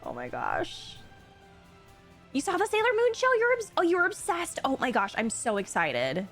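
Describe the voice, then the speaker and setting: Bubbly young woman streamer, lively voice. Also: sits high. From Florida. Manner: bubbly, gushing, quick gasps of excitement. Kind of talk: casual chat with live viewers. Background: faint game music.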